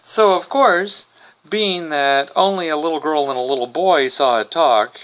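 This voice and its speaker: Male podcast host, sarcastic recap style, bright and crisp tone. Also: medium pitch. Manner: wry, sarcastic asides. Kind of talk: casual comic recap.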